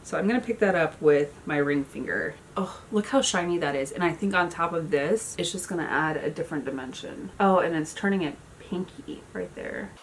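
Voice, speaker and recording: Chatty thirties woman, low-pitched voice. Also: brisk, hardly any pauses, a little hiss or hum. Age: 30s. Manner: chatty storyteller, many "like" fillers. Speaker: beauty vlogger. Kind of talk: casual makeup tutorial chat. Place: at home with her dog.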